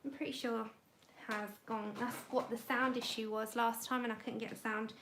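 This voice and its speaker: A woman's voice: little pitch movement, normal speed, background noise. Chatty woman hosting a colouring livestream. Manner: chatty, talks to her dog in high coaxing tones. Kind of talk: casual livestream chat. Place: home indoors. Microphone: phone.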